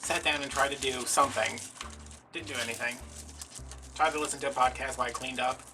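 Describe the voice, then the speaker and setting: A man's voice: mid-range voice, steady tone, fairly quick, distant mic, background noise. A man chatting casually in a craft vlog from home, rambling and dramatically mocking himself. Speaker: craft vlogger.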